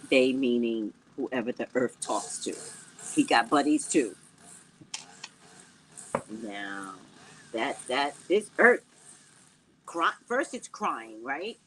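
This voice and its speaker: This woman's voice is extremely low and slow, broken by long pauses. She hosts a casual psychic livestream at home, joking animatedly with viewers, and the lack of a proper mic leaves a rough recording with slight background noise.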